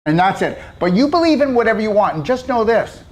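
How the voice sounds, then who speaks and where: A man's voice: sits high, sing-song, fast talker. A man hosting a casual health talk, blunt and preachy, hammering his points home with emphatic repetition. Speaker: host.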